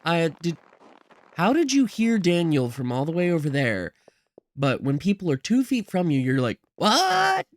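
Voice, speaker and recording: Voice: medium pitch, very animated, moderate pace, a little mellow, dry recording. Casual let's-play commentary, chatty, joking asides, dry close sound. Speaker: game streamer.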